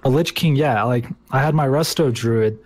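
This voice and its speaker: A man's voice: medium pitch, moderate pace, a little mellow, no room sound. A man co-hosting a casual podcast chat, swearing freely and joking eagerly. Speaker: podcast co-host.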